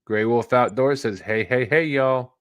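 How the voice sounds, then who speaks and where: Co-hosting a fishing livestream, a man reads viewer comments aloud in an easygoing manner and laughs between them. His voice is mid-range and a little slow, with a clean tone and no echo.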